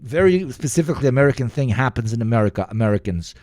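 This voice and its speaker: A man's voice: medium pitch, lively intonation, racing, darkish tone, no room sound, studio quality. A man from the Balkans giving sarcastic, profane livestream reaction commentary that rambles from point to point. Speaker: streamer.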